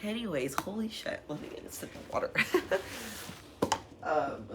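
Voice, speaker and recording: A woman's voice: sits low, very animated, unhurried, long pauses, very noisy. Emotional young woman vlogging candidly. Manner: emotional, tearful at times, laughing through it; rambling with frequent fillers. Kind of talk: candid personal vlog.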